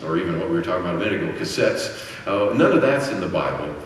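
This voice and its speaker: A middle-aged man with a lowish voice speaks at a conference, working through his points like a teacher and throwing questions to the audience before answering them. His voice bounces around a big, very reverberant hall, picked up from well back, with a faint hum of room ambience underneath. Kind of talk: Christian apologetics lecture. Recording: very echoey hall, distant mic, faint ambience.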